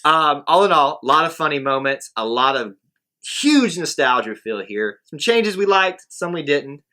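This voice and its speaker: A man's voice: a little high, animated, normal speed, pushed and bright. A man co-hosting a casual movie review chat, playful and given to acting out bits. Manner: playful, bursts into sung and acted bits. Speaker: co-host of a movie review show.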